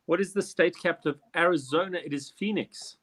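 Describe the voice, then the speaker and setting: A man with a slightly higher voice hosts a laid-back quiz show. He reads out the questions and then wanders into cheeky, joking tangents, swearing casually and laughing along. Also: brisk, a bit bright. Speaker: quiz host. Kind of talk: casual quiz hosting with banter.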